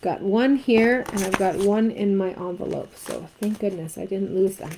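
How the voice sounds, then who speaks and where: A woman's voice: mid-range voice, moderate pace, noisy background. A woman from Canada teaching a card-making craft tutorial, chatting and asking viewers what they think. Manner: chatty, asks viewers questions.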